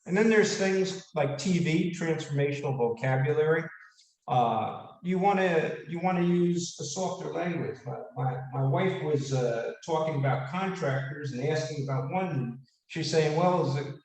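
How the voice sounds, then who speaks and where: Animated man lecturing in an echoey room. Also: a little high, normal speed. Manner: animated, casual, asks the audience questions. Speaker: speaker giving a leadership talk. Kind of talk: motivational lecture. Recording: echoey room, mic at a distance.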